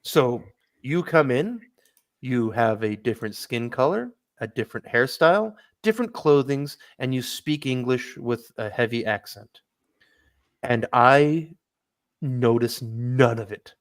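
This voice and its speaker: A man's voice: medium pitch, lively intonation, unhurried. A middle-aged American man in casual chat, rambling and sardonic with lots of fillers. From United States. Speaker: podcast host.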